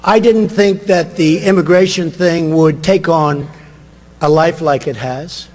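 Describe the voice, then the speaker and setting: A man's voice: on the high side, fairly even intonation, measured pace, darkish tone. An older man giving a rambling, boastful campaign rally speech, repeating himself. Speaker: political candidate. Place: large rally venue. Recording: reverberant hall, long echo.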